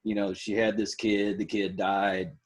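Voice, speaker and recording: A man's voice: on the low side, flat delivery, a little slow, slightly rough. A man, a podcast host in casual interview chat, folksy and joking.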